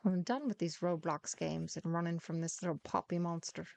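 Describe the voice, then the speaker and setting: A woman's voice: lowish voice, normal speed, gravelly, a little mellow. A woman chatting casually through her gameplay, teasing and muttering to herself as she plays. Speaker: gaming streamer.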